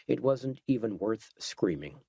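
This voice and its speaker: A man giving steady, scripted narration of a horror audiobook. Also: lowish voice, measured pace, creaky, slightly rough, no echo.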